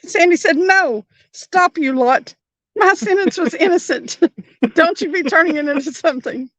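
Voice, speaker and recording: A woman's voice: very high-pitched, expressive, moderate pace, fairly bright tone, no room sound. A woman hosting a fishing livestream from a boat, chatting casually, giggling often and reading viewer comments aloud. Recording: dull muffled audio.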